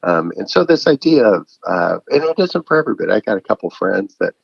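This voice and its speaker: Gravelly, husky man telling lively stories. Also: lowish voice, quick pace, no room sound, dull audio. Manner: animated, acts out phone calls in a raised voice. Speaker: guest author. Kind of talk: casual storytelling interview.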